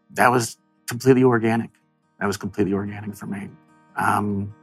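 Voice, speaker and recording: A man's voice: sits low, husky. A man in his thirties, an interview guest telling an emotional personal story in an earnest, reflective way, his voice rising as he speaks.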